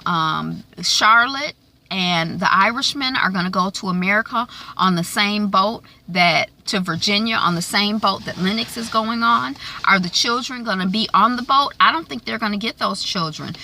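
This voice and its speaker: A woman recapping a TV episode in a chatty, animated way, full of fillers and asides. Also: medium pitch, vocal fry, a little hiss or hum. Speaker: TV recap vlogger. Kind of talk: casual recap and predictions.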